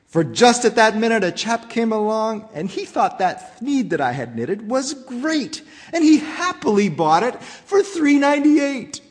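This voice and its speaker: A man preaching a sermon, reading a rhyming storybook aloud in an expressive, rhythmic way. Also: extremely high pitch, measured pace, hardly any pauses, big-room sound. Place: church.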